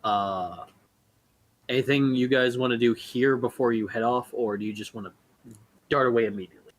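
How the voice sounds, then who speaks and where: A man's voice: medium pitch, moderate pace. A man narrating as game master of a tabletop game, loose and full of fillers.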